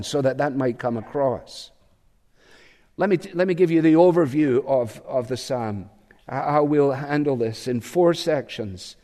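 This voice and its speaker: A man preaching a sermon, measured and reflective, pausing often with small fillers. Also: mid-range voice, a little mellow. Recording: long hall reverb.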